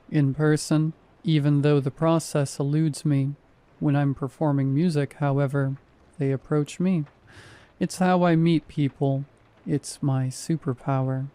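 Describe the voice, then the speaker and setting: A man's voice: on the high side, mellow. Wry male horror story narrator. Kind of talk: scripted first-person horror narration.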